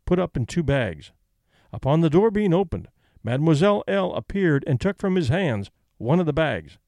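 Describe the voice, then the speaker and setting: A man narrating a classic short story aloud, reading witness testimony in a measured, deliberate way. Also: a little high, a little mellow, no room sound, clean studio sound.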